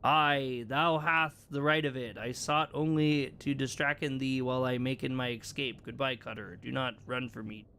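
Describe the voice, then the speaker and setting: A man's voice: medium pitch, steady tone, moderate pace, hardly any pauses, bright, forceful tone, slight background noise. A man voicing a sly, evasive talking tree that speaks in faux-Olde English in a video game. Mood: defiant.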